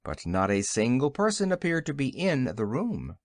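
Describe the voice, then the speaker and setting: A man narrating a classic children's audiobook in an expressive storytelling manner on a close mic. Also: medium pitch, normal speed, no echo. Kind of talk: scripted narration.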